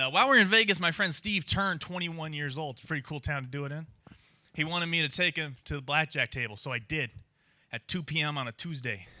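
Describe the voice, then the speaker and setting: A man's voice: on the high side, bright, forceful tone. A young man doing a stand-up comedy set in a club, with a brash, profane, punchy delivery. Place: underground comedy club with live audience.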